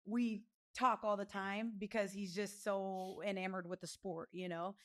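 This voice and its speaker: A woman in her thirties telling lively stories in a casual interview, acting out other people's voices. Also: unhurried. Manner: animated, acts out other voices with big pitch jumps. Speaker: guest, professional fighter.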